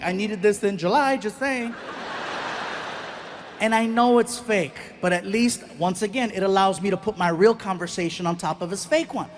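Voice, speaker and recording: A man's voice: high voice, lively intonation, a little fast, a little hiss or hum. A middle-aged man doing stand-up, telling stories and acting out voices and sound effects as he goes. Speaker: stand-up comedian. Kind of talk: stand-up storytelling. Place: live comedy stage.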